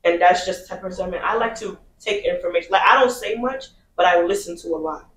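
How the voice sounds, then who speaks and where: A man with a high-pitched voice on a casual podcast, quietly reflecting and admitting his faults. He sits a little back from the mic in an echoey room. Faint ambience hums behind him. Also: fairly quick, far from the mic.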